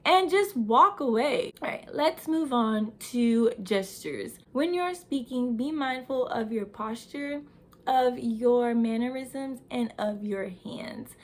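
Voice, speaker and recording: A woman's voice: fairly high pitch, animated, slow. Instructive young woman vlogger. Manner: instructive, addresses viewers as "you guys". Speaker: lifestyle vlogger. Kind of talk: advice vlog talking to camera.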